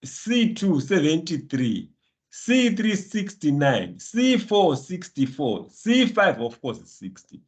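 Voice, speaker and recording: A man's voice: a little high, big pitch swings, takes it slowly, breathy edge. A man teaching a live online finance class, encouraging students by name and laughing often. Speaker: lecturer.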